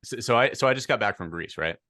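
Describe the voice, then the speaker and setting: A man's voice: medium pitch, lively intonation, fast, pushed and bright, no room sound, clean studio sound. A man co-hosting a sports podcast, chatting casually with joking, wry asides. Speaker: podcast co-host. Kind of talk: casual chat.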